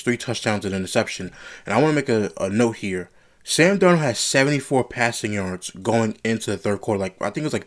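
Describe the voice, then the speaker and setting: A young man giving a solo sports reaction, blunt and exasperated as he rants about a game. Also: fairly low pitch. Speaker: sports commentator.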